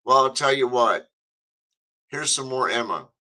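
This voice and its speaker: A man's voice: mid-range voice, animated, unhurried, bright, forceful tone, poor audio. A man hosting a talk radio show, rambling and chatty with many fillers.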